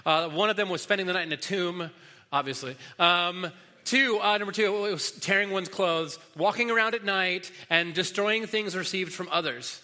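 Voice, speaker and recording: A man's voice: high voice, normal speed, pushed and bright. A man preaching a sermon as pastor, teaching in a casual way full of fillers and restarts, in a large hall. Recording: long hall reverb.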